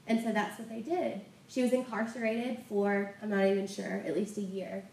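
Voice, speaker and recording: A woman's voice: medium pitch, flat delivery, normal speed, vocal fry, a little mellow, a little hiss or hum. A woman preaching a sermon, telling a testimony story with passion. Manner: impassioned storytelling. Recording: roomy sound from a distant mic.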